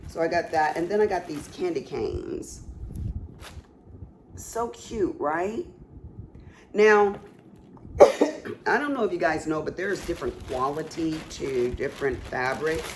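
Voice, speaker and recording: With a low voice, a slow pace, and frequent pauses, a woman who has a cough shows off her craft haul and chats with viewers. She exclaims a lot, and a faint hiss or hum runs underneath.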